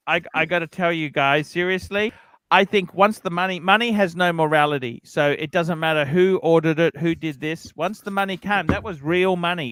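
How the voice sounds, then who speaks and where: A man's voice: a little high, fairly bright tone, clear, resonant tone, no echo. A man hosting a casual livestream, talking bluntly and heatedly with freely used swearing. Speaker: livestream host.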